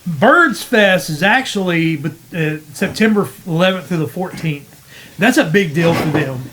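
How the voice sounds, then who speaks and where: Casting: guy, podcast regular, slightly high voice, loose rambling storyteller. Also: animated, measured pace, fairly bright tone. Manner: rambling, laid-back storyteller. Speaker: podcast host. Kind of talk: casual chat.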